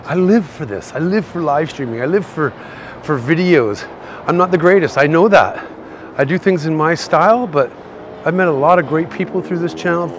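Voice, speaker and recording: A man's voice: fairly high pitch, lively intonation, moderate pace, noisy background. Canadian guy kinda buzzed, rambling to his live chat while walking outside, voice bouncing all over. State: tipsy. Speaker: live-streaming street tour host. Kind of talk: casual live-stream walking tour chat. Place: outdoor city shopping street.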